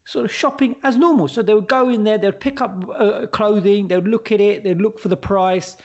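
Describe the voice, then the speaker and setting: A man, a podcast co-host telling a lively story and acting out the dialogue in casual chat. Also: sits high, normal speed. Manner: animated storyteller, acts out dialogue. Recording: dull lo-fi sound.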